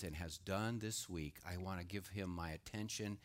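A middle-aged man, a pastor, preaching a sermon in a lively way and acting out the voices he quotes. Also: deep voice, normal speed. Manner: animated, acts out quoted voices.

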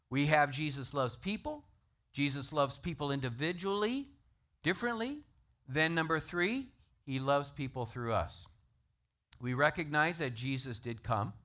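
Animated, bright-voiced male preacher. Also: fairly high pitch. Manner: animated, emphatic preaching with scripture references. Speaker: pastor. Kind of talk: sermon.

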